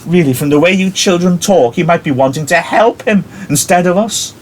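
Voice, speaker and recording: A man's voice: high-pitched, moderate pace, a little hiss or hum, voice pushed up, lightly acted. A man reading the part of a haughty, snobbish upper-class mother, prim and superior in tone.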